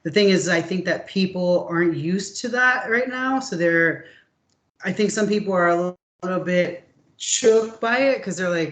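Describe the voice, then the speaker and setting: A man's voice: high-pitched, normal speed, a bit bright. A man hosting a podcast, earnest and casual, swearing now and then. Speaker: podcast host.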